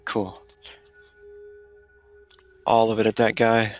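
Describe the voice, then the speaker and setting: A man running a tabletop game, relaxed, explaining rules and outcomes to his players. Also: on the low side, slow, faint music behind. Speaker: game master.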